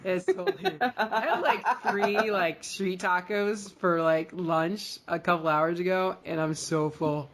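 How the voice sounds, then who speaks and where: A woman with a somewhat low voice co-hosts a podcast. She rambles through a casual TV recap, leaning on lots of fillers and restarts. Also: measured pace, crowd noise. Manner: chatty, rambling, filler-heavy. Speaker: podcast co-host. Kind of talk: casual episode recap chat.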